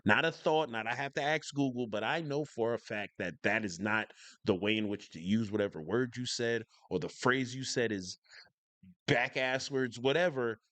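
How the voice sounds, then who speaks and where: A man hosts a casual reaction video. He enunciates clearly and lays out his opinions emphatically, repeating lines to drive them home. His voice sits at an ordinary middle pitch, and the dry recording has no room sound. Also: normal speed, a bit bright, no echo. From northern United States. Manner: lecturing, repeats points for stress. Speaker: reaction channel host.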